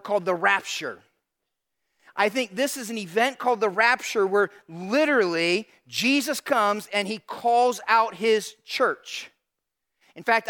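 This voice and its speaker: A middle-aged man, a pastor, preaching a sermon in an animated storytelling way, talking straight to a live congregation. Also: high-pitched. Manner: animated storytelling, addresses audience directly.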